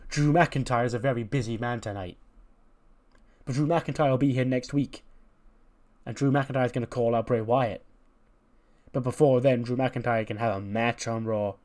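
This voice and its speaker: A man's voice: mid-range voice, fairly even intonation, moderate pace, long pauses, darkish tone, natural voice. A man voicing a cocky male wrestler who mocks and threatens his rival. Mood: taunting. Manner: mocking, boastful, raised voice.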